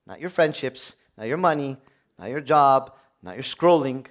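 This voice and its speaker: A man, a priest, preaching a sermon in a conversational way, asking the audience questions and swinging from hushed prayer to loud exclamation. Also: medium pitch, lively intonation, moderate pace.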